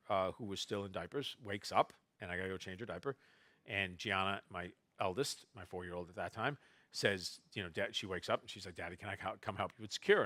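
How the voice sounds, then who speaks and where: Man, author, anecdotal storyteller, quotes family in asides, bright voice, dry close sound. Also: fairly low pitch, no room sound. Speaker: novelist speaking at a festival. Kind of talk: storytelling talk to an audience. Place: festival stage before a live audience.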